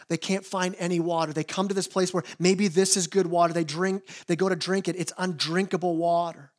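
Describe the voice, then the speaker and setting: A male pastor preaching a sermon, earnest and often repeating words as he presses a point. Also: sits high.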